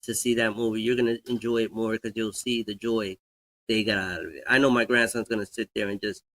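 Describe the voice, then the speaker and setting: A man's voice: fairly low pitch, steady tone, fairly quick, fairly bright tone. An older man on a casual panel chat who stammers as he talks eagerly.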